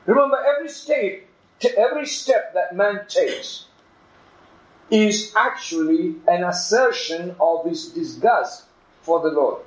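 A man's voice: high voice, lively intonation, unhurried, reverberant, low-quality recording. A man preaching a sermon in an earnest, emphatic manner, illustrating his points with a story.

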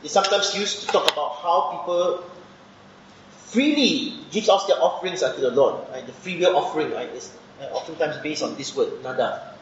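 A man's voice: on the high side, lively intonation, moderate pace. Man teaching scripture, "right?" tag. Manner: explains step by step, asks the listeners questions, often adds a questioning "right?". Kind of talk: Bible study sermon. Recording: echoey room, dull muffled sound with faint background noise.

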